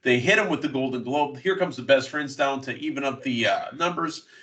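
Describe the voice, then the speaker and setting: Bright-voiced man hosting a wrestling podcast. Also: mid-range voice, recorded from a distance. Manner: recaps matches in quick play-by-play bursts. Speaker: podcast host. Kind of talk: casual wrestling news chat.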